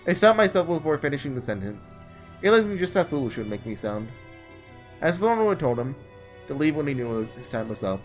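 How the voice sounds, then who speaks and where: A man's voice: fairly high pitch, very animated, a little fast, soft background music. A man reading a weary young woman narrator. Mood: reflective.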